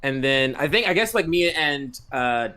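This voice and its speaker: A man's voice: mid-range voice, lively intonation, normal speed, pushed and bright, smooth. A man playing in a tabletop game, chatting casually in a playful, giggly and rambling way. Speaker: player.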